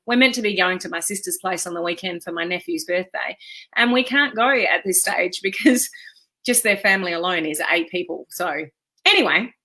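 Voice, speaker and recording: An upbeat Australian woman chats casually with her live audience and greets people by name as she goes. Her voice is bright and sharp, with easy laughter. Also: mid-range voice. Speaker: live stream host. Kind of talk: casual live chat with viewers.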